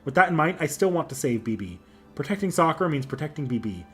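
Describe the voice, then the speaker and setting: A man reading the lines of a determined young game protagonist in his own steady voice. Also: on the high side, quick pace, breathy edge, soft background music, exaggerated voice.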